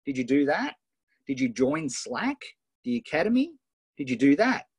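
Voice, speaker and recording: A man's voice: fairly high pitch, moderate pace, gravelly, husky, dry recording. Upbeat Australian man coaching a webinar. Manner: energetic, tag questions, reads out students' wins. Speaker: online business coach. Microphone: iPad Pro built-in mic.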